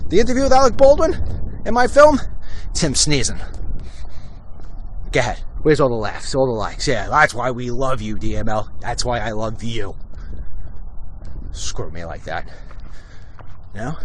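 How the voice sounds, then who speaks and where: A man hosting a walk-and-talk vlog, telling animated stories and slipping into mocking impressions as he walks outdoors. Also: mid-range voice, unhurried, pauses often, a little hiss or hum. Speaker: host. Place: outdoors, walking.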